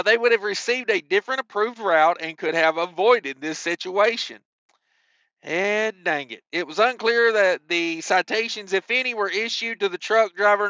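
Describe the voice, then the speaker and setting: A man's voice: high voice, pushed and bright, clear, resonant tone, dry recording, dull audio. A man hosting a trucking news show, reading stories and breaking off into wisecracking asides with mild cussing. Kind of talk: reading news with joking commentary.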